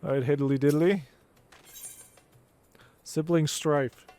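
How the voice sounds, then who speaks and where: A man's voice: fairly high pitch, steady tone, slow pace, warm tone. A man streaming a game, muttering casual asides between dialogue. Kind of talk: casual gameplay commentary.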